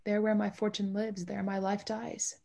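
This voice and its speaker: A woman's voice: mid-range voice, little pitch movement, moderate pace, creaky, mellow. A woman reading a torn, grieving young bride. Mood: anguished. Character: young bride torn between two warring sides. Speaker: play reader. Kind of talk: Shakespeare play reading.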